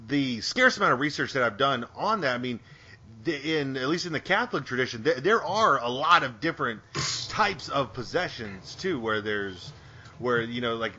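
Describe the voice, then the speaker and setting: A man co-hosting a podcast, speaking haltingly with many restarts and hedges. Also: mid-range voice, sharp tone, slightly rough. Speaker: podcast co-host. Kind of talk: casual podcast interview. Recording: dull lo-fi sound.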